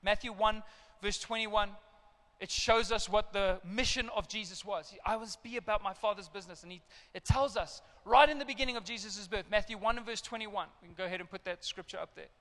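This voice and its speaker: Animated high-voiced preacher in a reverberant hall. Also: male voice, a little fast. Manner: animated storytelling with acted parental outbursts. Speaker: pastor. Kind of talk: sermon.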